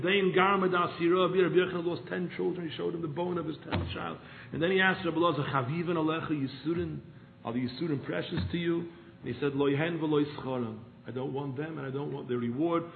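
A man giving a sermon, swinging from impassioned pleas to hushed storytelling. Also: fairly high pitch, reverberant. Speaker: rabbi giving a talk. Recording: tinny phone-line sound with faint noise.

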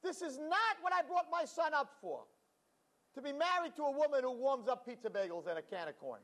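A man's voice: medium pitch, sing-song, very fast, a little mellow, breathy edge, voice pushed down. A man playing a stern, domineering older mother-in-law who scolds indignantly. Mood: scolding.

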